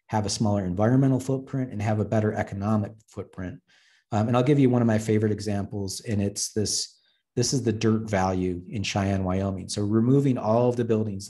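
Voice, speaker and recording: Guy presenting slides, low mellow voice, blunt and jokey. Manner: blunt, joking, acts out quoted dialogue. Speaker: urban planner giving a webinar talk.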